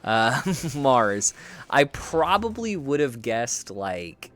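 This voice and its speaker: A man's voice: mid-range voice, sing-song, drawn-out words, fairly bright tone. An American man streaming a video game, thinking aloud and chatting with viewers in a rambling, self-deprecating way with frequent restarts. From United States. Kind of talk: live gameplay commentary, chatting with viewers.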